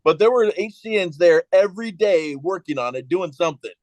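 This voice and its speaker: A man with a somewhat high voice tells an anecdote in a relaxed, chuckling way. The sound is dry and close. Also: brisk, dry recording, low-quality recording. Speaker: veteran, panel member. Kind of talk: casual storytelling chat.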